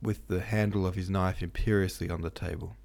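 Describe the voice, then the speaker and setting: A man reading a novel aloud as host, in steady, measured narration. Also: deep voice, vocal fry. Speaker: host and audiobook reader. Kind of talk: scripted narration.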